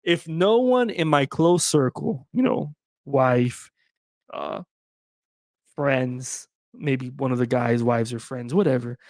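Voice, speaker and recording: A man runs his sports podcast on his own, slangy and joking as he addresses listeners head-on. He talks slowly in a medium-pitched, darkish voice. The recording is dry and of studio quality.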